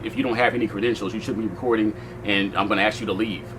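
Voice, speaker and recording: A man's voice: fairly low pitch, fairly even intonation, rapid-fire, fairly bright tone, a little hiss or hum, pitched below the performer's own voice, natural voice, poor audio. A man voicing a stern male event worker who orders him to stop filming and leave. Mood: curt. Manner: curt, officious.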